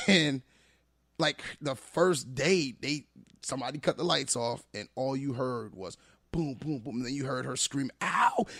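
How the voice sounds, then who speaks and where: A man's voice: medium pitch, creaky, dry recording, studio quality. Emphatic male teacher telling stories. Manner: emphatic, animated storyteller. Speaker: teacher guest. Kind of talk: casual podcast conversation.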